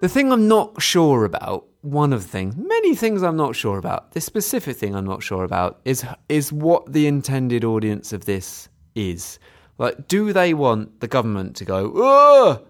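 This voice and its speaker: A man's voice: mid-range voice, sing-song, moderate pace, darkish tone. A man co-hosting a podcast, talking things through in a thoughtful, hesitant way. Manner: thoughtful, hesitant, restarts often. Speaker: podcast co-host. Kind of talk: casual chat.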